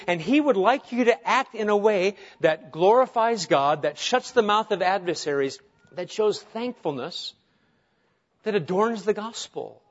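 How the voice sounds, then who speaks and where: With a high voice, this pastor delivers an earnest sermon, pressing his points emphatically through rhetorical questions. The audio is dull and lo-fi.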